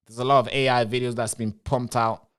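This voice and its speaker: A man's voice: medium pitch, level tone, a little fast, fairly bright tone, smooth. Male live-streamer, rambling commentary straight to viewers, answers chat. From Britain.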